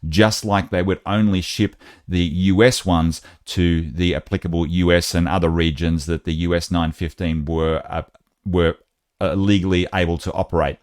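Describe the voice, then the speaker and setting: A man's voice: low-pitched, steady tone, moderate pace, dry recording, studio quality. A man hosting a casual update video, chatty and talking straight to his viewers as guys. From Australia. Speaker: host.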